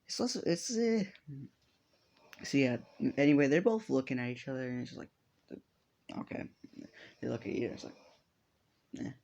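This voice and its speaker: A man's voice: medium pitch, big pitch swings, normal speed, gravelly, long pauses, darkish tone. A man improvising a fan story aloud, rambling and swearing casually as he goes. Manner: rambling, profane, off-the-cuff.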